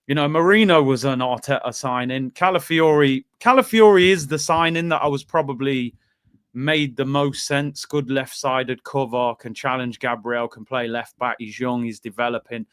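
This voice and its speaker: A man's voice: mid-range voice, normal speed, a bit bright, clean tone, dry recording, clean studio sound. A man hosting a casual football chat, venting in exasperated rhetorical questions. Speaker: podcast host.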